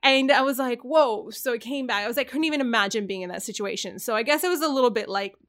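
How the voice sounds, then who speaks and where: A woman's voice: on the high side, fast talker, fairly bright tone. A woman in her thirties telling a story in casual chat, earnest and rambling, often restarting her sentences. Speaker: podcast host.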